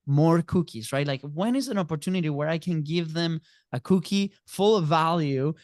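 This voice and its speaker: A man in his thirties with a fairly high voice, recorded dry and close. He chats casually as a podcast guest, acts out small scenes in quoted voices and keeps checking in with "right?". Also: normal speed, a little mellow, dry recording. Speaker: podcast guest, agency co-founder. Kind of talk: casual storytelling interview.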